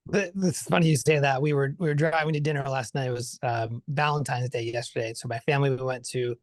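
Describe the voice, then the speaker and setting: Male podcast guest, medium pitch, friendly rambling talker, dry close sound. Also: steady tone, quick pace, no room sound. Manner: thinks aloud with many fillers and restarts, upbeat. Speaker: podcast guest, consultant and author. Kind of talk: casual conversational interview.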